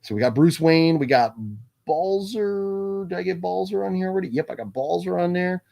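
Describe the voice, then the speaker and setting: A man's voice: high-pitched, expressive, moderate pace, vocal fry, warm tone. A man hosting a casual live stream from his home, chatting loosely, reading out viewer names and laughing often. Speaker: livestream host. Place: home room with his movie collection.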